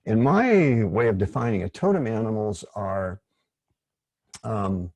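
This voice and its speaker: A man leading an online workshop, speaking in a gentle, rambling, digressive way. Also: lowish voice, very animated, unhurried, dry recording. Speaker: workshop facilitator.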